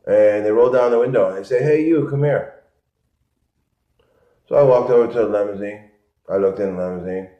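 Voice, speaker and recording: Deep-voiced man, rambling in an echoey room. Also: fairly even intonation, quick pace. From Connecticut, US. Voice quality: rambling, repetitive, low-key storytelling. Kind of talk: rambling monologue. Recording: echoey, muffled lo-fi room sound.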